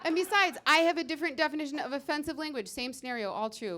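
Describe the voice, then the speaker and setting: A woman's voice: sits high, expressive, fast talker, few pauses, bright, forceful tone. Brash woman doing stand-up. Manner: brash, punchy, conversational. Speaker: stand-up comedian. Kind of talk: stand-up set. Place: stage.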